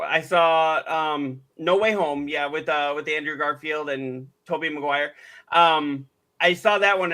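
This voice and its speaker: A high-voiced man co-hosts a casual podcast chat. His tone is bright and forward, and he tells animated stories, jumping into the voices of the people he quotes. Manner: animated storyteller, acts out quotes. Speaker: podcast co-host.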